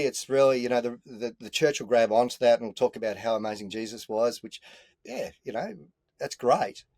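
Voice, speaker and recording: An Australian man, a podcast guest, telling a story in an animated, earthy way with a few mild swear words, speaking from inside a caravan. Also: medium pitch, dry recording. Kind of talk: casual storytelling chat.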